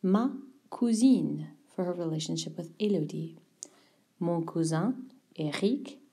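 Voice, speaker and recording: Lady french teacher, husky low voice, goes slow on the french words. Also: lively intonation, dark tone. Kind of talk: classroom vocabulary lesson.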